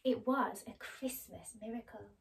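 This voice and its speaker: A woman reads a children's story aloud with gentle, expressive pacing. Her voice sits somewhat high for a woman. It sounds a little distant from the mic. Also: unhurried, creaky.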